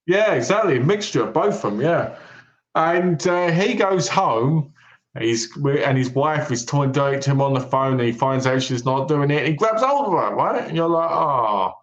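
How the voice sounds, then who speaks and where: Animated man recapping films in a roomy room. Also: on the high side, moderate pace. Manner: animated storyteller, retells plots with quoted lines. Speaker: podcast co-host. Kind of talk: casual film-review chat. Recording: roomy echo.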